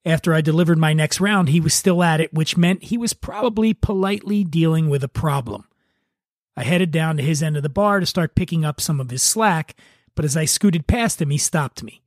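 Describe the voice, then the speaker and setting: Man reading a bar story aloud, wry and relaxed. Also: on the high side, brisk, dry recording, clean studio sound. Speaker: podcast host.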